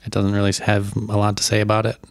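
Chill young guy on a podcast, low gravelly voice, kinda hesitant, dry sound. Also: completely flat delivery, fast talker, no echo. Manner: laid-back, hesitant, trailing off. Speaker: podcast co-host. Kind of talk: casual chat.

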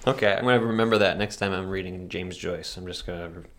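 A man hosting a podcast in casual chat, animated and laughing often, his voice jumping up when excited. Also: low-pitched, fast. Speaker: podcast host.

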